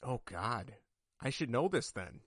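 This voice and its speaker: A man's voice: mid-range voice, sing-song, unhurried, fairly bright tone, breathy edge, no room sound, clean studio sound. A man co-hosting a casual sports podcast, rambling and joking, often laughing at himself. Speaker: podcast co-host.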